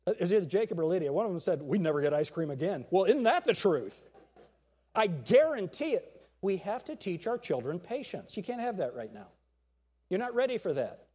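Middle-aged male pastor, lively sermon delivery, voice sits high and swings widely, acts out quotes. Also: moderate pace, husky. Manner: animated preaching with acted-out quotes and jokes.

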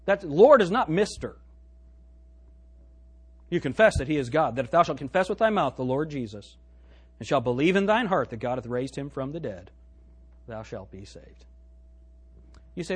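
A man preaching a sermon as pastor, reading scripture aloud and swinging between loud and hushed delivery. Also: medium pitch, animated, moderate pace, pauses often, breathy edge. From United States. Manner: quotes scripture in old-fashioned wording.

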